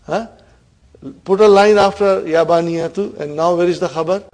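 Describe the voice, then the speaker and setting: A man's voice: high voice, fairly even intonation, moderate pace, darkish tone. A man teaching an Arabic grammar class, quizzing his students and checking in with a "huh?" between points. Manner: questioning students, frequent "huh?" and laughs.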